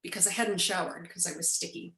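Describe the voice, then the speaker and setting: Animated woman telling a story, echoey room. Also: lowish voice, fast. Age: 40s. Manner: animated storyteller, acts out quoted speech. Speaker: guest. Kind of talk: storytelling in an interview.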